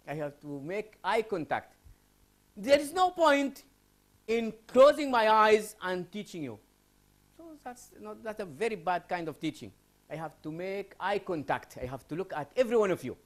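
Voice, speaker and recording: A man's voice: high-pitched, a bit bright. A man from Sudan lecturing a class on English writing, asking students questions and repeating key phrases.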